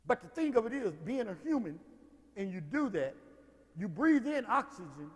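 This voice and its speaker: A man pastor preaching a sermon in a folksy way, swinging from hushed talk to shouts. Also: high-pitched, very animated, moderate pace, long reverb tail.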